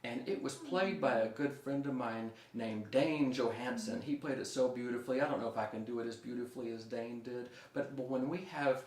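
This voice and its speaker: A man's voice: mid-range voice, a little fast, few pauses, a little mellow. A young man teaching a music lesson for children, upbeat and leading the kids in call-and-response. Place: room at home. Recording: echoey room.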